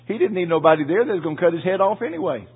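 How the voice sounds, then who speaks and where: A man preaching a sermon, telling a personal story in a folksy, emotional way with asides to the congregation, his voice husky. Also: sits high, animated, racing. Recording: tinny phone-like audio.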